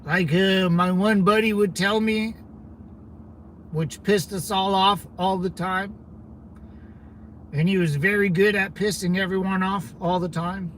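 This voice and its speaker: A man's voice: high voice, steady tone, measured pace, long pauses, fairly bright tone, slight background noise. A man in his thirties, a Marine veteran hosting his own channel, chatting casually with lots of profanity and fillers as he drifts from topic to topic. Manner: loose, profane, digressive talk with frequent fillers. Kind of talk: rambling casual livestream chat.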